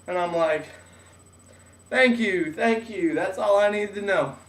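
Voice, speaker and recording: A man's voice: sits high, measured pace. A young man telling a personal story in a casual way, acting out what others said in their voices. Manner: animated, acts out voices of others. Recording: echoey room, mic at a distance.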